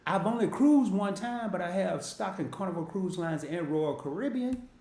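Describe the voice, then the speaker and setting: A middle-aged man talks through an app in a loose, slangy, self-joking way. His voice sits a little high and swings up and down a lot, and the room around him rings with echo. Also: lively intonation, moderate pace, a little mellow. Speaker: investing channel host. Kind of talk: casual screen-share walkthrough.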